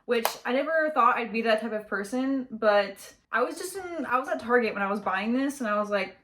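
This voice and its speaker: A young woman chatting casually in her bedroom while she does her makeup, high-energy and slangy. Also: animated, a little fast, a bit bright. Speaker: beauty vlogger. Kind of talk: casual get-ready-with-me chat.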